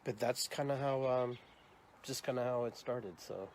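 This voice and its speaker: A man in his fifties hosts a podcast with a middle-pitched voice. He tells stories in an animated way and acts out the people in them. Faint background noise sits under the recording. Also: moderate pace. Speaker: podcast host. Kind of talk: casual storytelling interview.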